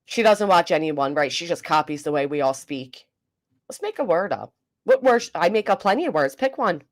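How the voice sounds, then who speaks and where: A woman's voice: fairly low pitch, expressive, fairly quick. A woman, hosting a casual livestream, reading comments and joking bluntly with swearing. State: coughing. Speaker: livestream host.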